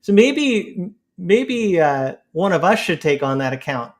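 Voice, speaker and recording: Man host, chatty, laughs easily, slightly higher pitch. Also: very animated, measured pace. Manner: chatty, laughs easily, reads posts aloud. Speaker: podcast host. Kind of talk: casual panel discussion.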